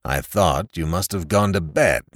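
A man voicing a big, stern and suspicious father in a storybook reading, speaking heavily and gruffly. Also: low voice, a little slow, no echo, clean studio sound. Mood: heavy. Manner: heavy, gruff.

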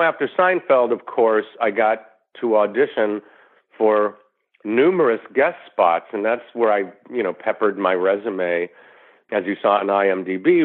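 A middle-aged actor talking as an interview guest, rambling through anecdotes with lots of "you know" restarts. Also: male voice, lowish voice. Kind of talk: casual interview storytelling. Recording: tinny phone line.

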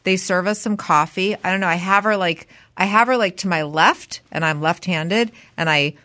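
A woman co-hosting a podcast, chatting casually as a mother and acting out quoted lines in a high, animated voice. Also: moderate pace. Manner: animated storyteller who acts out quotes in a high voice. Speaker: podcast co-host. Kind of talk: casual chat.

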